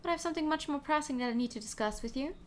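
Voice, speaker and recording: Smug male bird prosecutor, smooth and insinuating, as a woman reads him, higher-pitched. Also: racing, a little hiss or hum, lightly acted.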